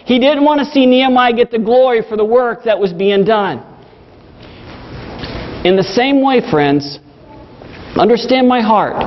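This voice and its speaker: High-voiced pastor preaching in a reverberant hall. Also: male voice, a little hiss or hum. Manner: earnest, storytelling with emphatic repetition. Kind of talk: sermon. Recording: dull lo-fi recording with long hall reverb.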